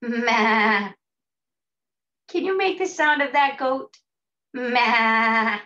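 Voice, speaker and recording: A woman teaching an early childhood music class, gentle and sing-song, with hushed asides. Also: high-pitched, moderate pace. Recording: dull lo-fi sound.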